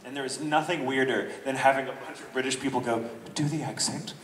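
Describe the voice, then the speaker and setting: A man from Texas, a voice actor telling animated, self-deprecating stories on a convention panel, laughing often. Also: medium pitch, fast. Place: large convention hall. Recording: echoey hall from far off, noisy.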